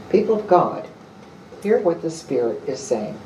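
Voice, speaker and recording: A preacher gives a sermon in slow, deliberate phrases, each line set apart with a pause. The voice is mellow and unhurried. It was picked up from some distance in a reverberant worship hall, with a faint hum of the room behind it. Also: medium pitch, big pitch swings. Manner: slow, measured delivery in short phrases. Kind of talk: sermon with scripture reading.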